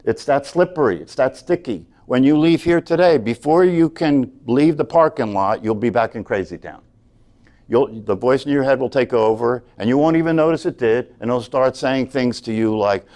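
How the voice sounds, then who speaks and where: A man's voice: mid-range voice, lively intonation, normal speed, a little mellow. A man teaching a meditation class, talking earnestly and often checking in with "right?". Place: class room.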